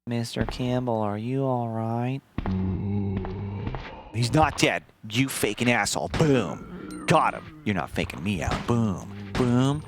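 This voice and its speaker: A man streaming a video game, chatting casually and telling a rambling, profane story in an animated way. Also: mid-range voice, slow, background noise. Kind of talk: casual gameplay commentary.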